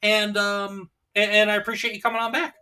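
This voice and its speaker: A man's voice: sits high, little pitch movement, fairly quick, sharp tone, smooth. A man hosting a casual livestream, easygoing and laughing often as he reads chat messages aloud. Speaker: streamer host reading chat.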